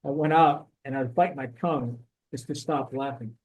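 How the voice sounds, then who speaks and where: A middle-aged man and former Marine telling a war story in a casual podcast chat, animated, swearing now and then and acting out what people said. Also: medium pitch, fairly quick, slightly rough, low-quality recording.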